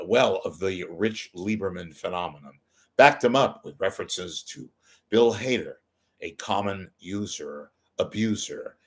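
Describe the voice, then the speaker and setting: A man's voice: low voice, a bit bright. A man putting on the voice of an older male news anchor, reporting with solemn newscaster delivery as a comic impression.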